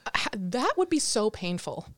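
A young woman co-hosting a podcast in casual chat, expressive and giggly, easily moved. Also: mid-range voice, normal speed, no echo. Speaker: podcast co-host.

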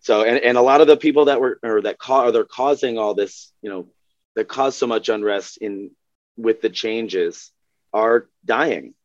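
A man's voice: fairly low pitch, moderate pace, dry recording, muffled recording. A man guest on a podcast, talking earnestly and with worry in casual conversation. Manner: earnest, worried.

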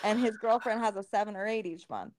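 A woman's voice: mid-range voice, a little fast, a little mellow. A woman co-hosting a podcast, talking candidly and casually, swearing freely and acting out what others said. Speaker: podcast co-host.

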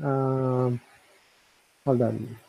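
A man's voice: mid-range voice, little pitch movement, drawn-out words, gravelly, dark tone, no room sound, rough recording. A man co-hosting a casual chat, talking in a hesitant, musing way full of fillers and restarts. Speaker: co-host reviewing voice software.

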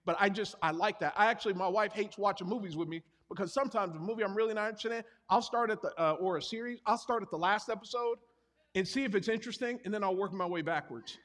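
A man with a high voice preaches to his church, telling confessional stories with self-deprecating humor. His words carry a long reverb through the hall. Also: fast talker, fairly bright tone. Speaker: pastor. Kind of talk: sermon.

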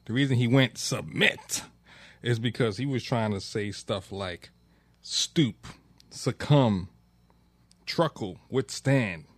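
A man's voice: medium pitch, slow, dry recording. Dry-humored podcast man. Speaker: podcast co-host. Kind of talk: casual chat.

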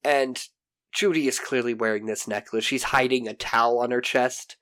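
A man co-hosting a podcast, recapping a TV episode in animated casual chat, swearing casually and acting out quotes. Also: mid-range voice, normal speed, clean tone. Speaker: podcast co-host.

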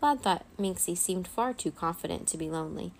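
A woman reading a children's chapter book aloud as a bedtime story, in a gentle, expressive way. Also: fairly low pitch, fairly quick, slight background noise.

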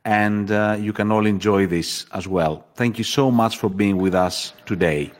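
A man's voice: fairly low pitch, fairly even intonation, measured pace. A man hosting a radio interview, friendly and effusive. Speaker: radio host.

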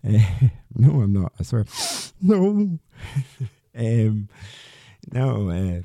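A man's voice: on the low side, sing-song, slow, pauses often, dark tone, dry recording, studio quality. A man hosting a solo podcast, talking in a rambling, candid way with restarts and the odd swear word. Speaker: podcast host.

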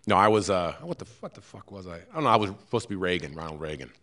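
Man, low voice, swinging pitch, rambling self-deprecating live podcast host, theater audience. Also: animated, rapid-fire, fairly bright tone. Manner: rambling, self-deprecating, swears, many restarts. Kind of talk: casual live podcast chat.

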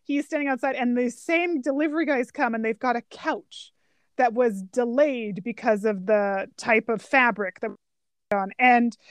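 Quick-talking woman recounting film scenes. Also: on the high side, no room sound, clean studio sound. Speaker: podcast co-host. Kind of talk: casual film discussion.

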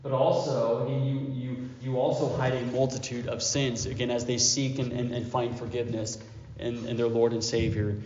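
A man's voice: medium pitch, flat delivery, moderate pace, a little mellow, a little hiss or hum. A man preaching a sermon as a pastor, speaking earnestly and often repeating words and checking in with "all right.". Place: church sanctuary. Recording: dull lo-fi church recording with long hall echo.

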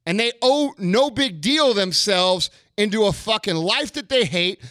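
A man's voice: high voice, animated, unhurried, pushed and bright, no echo, clean studio sound. Profane, confrontational man ranting. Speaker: podcast host. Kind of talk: ranting monologue.

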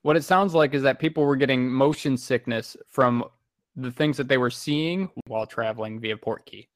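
A man's voice: medium pitch, moderate pace, no echo. A man co-hosting a casual podcast chat, a physical therapist explaining things plainly.

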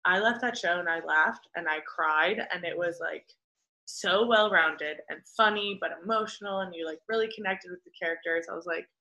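A woman's voice: fairly low pitch, moderate pace, gravelly, sharp tone, poor audio. A woman co-hosting a podcast in casual chat, telling stories animatedly and acting out other people's voices. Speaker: podcast co-host.

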